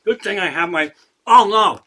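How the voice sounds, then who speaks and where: A man's voice: sits high, animated, moderate pace, pushed and bright. Profane, ranting man in his sixties. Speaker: comedian hosting a livestream. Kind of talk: profane ranting livestream chat.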